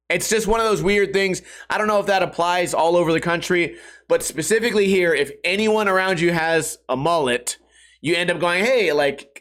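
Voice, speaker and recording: Male podcast host, middle-aged, slightly high voice; loose, profane, jokey solo storytelling with voiced-out quotes. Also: a bit bright. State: hungover and stiff.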